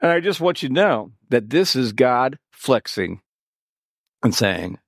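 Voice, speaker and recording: A male pastor delivering a sermon at a slow, deliberate pace. His delivery is animated, swinging up and down with sarcastic asides. The sound is close and dry, with no room echo. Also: medium pitch.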